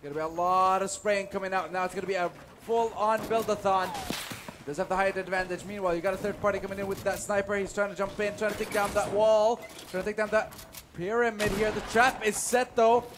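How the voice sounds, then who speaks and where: A man doing fast, excitable play-by-play commentary on a live esports match, joking between calls. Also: high voice, background noise. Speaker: esports caster. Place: live event venue.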